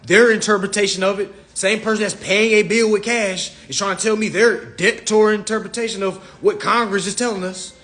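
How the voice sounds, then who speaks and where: A man giving a blunt, confrontational livestream lecture, reading law text aloud slowly and then arguing with his audience, recorded on a phone. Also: sits high, steady tone, fairly bright tone. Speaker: livestream speaker.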